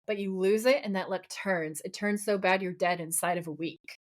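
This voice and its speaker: A woman co-hosting a podcast in casual chat, recapping a TV episode with lively, laughing quotes of the characters. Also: mid-range voice, moderate pace. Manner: animated, laughing, quoting characters in playful voices.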